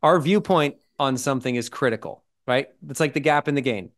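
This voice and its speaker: A man's voice: medium pitch, fairly quick. A man co-hosting a podcast, explaining ideas in casual chat and checking in with "right?" and "okay?". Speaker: podcast co-host.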